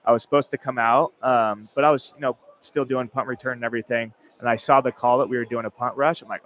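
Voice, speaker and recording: A young man in his twenties, an ex-college football player, being interviewed live at a stadium club event. He speaks in a relaxed, modest way, easily telling stories at a mid-range pitch. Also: fast, hardly any pauses, crowd noise, low-quality recording. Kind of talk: casual interview.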